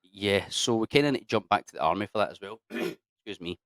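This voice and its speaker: Blunt, sweary man, lowish voice. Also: lively intonation, fairly quick, fairly bright tone, no room sound. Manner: blunt, sweary, says mate and lads. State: keeps clearing his throat. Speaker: guest, army veteran. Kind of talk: casual storytelling interview.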